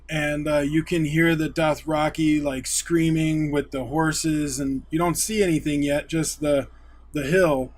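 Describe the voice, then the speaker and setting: Man, casual episode recap host, excitable, slightly higher voice. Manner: excitable, retells scenes in quick paraphrase. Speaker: YouTube show host.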